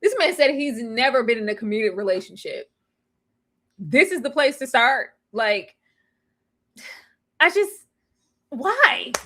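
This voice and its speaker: Sassy woman co-host, high and animated delivery, mocking impressions. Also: slow pace, pauses often. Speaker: co-host of a reality show recap. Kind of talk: casual live-stream commentary.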